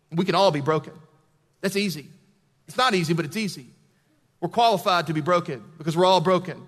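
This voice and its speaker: Male pastor, high voice, chatty sermon delivery that builds to emphatic peaks, long hall reverb. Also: fairly quick, fairly bright tone.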